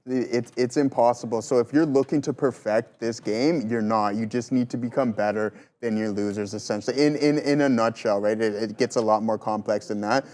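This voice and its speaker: A man co-hosting a live stock trading stream, talking in loose, slangy banter. His voice sits at an ordinary middle pitch for a man, and he drops easily into buddy talk between market calls. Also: steady tone, fairly quick, hardly any pauses, a little mellow. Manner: casual slangy banter, "bro" and "dude". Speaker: trading show co-host. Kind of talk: casual live market chat.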